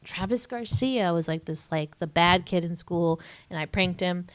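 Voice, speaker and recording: A woman's voice: on the low side, normal speed. A young woman co-hosting a podcast in casual chat, playful and giggly, swearing offhandedly. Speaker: podcast co-host.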